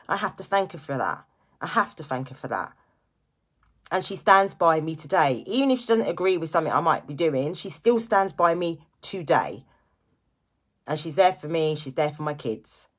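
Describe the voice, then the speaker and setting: A woman's voice: sits low, a bit bright. A middle-aged woman, a mother, speaking earnestly and from the heart on a live stream, growing impassioned at times. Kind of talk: emotional personal livestream talk.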